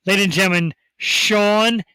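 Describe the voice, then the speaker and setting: Excitable high-voiced male host. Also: moderate pace, clean tone, no echo, rough recording. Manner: excitable, rambling hype. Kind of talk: casual talk show chat.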